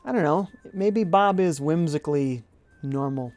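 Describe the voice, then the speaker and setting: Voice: mid-range voice, measured pace, a little mellow, dry recording. A game streamer giving live commentary, reading viewers' chat aloud and musing and humming while deciding things. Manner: chatty, muses aloud, hums while thinking.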